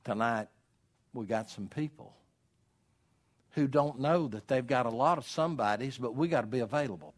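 A man preaching a sermon as pastor, swinging from loud calls to quiet storytelling. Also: medium pitch, moderate pace, pauses often. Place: church.

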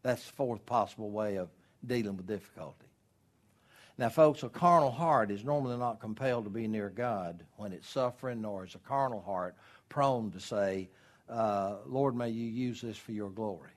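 A man preaching a sermon as pastor, animated and storytelling, acting out voices in his illustrations. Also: lowish voice, normal speed.

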